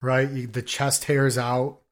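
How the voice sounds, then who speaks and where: Male co-host, casual banter, curses a lot, average pitch. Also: slow pace. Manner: profane, riffing, animated. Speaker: podcast co-host. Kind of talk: casual chat.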